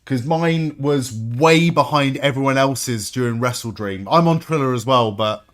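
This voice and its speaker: A young man hosting a live wrestling watch-along stream, reacting excitedly, swearing freely and chatting with viewers. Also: medium pitch, measured pace. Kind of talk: live reaction commentary and chat.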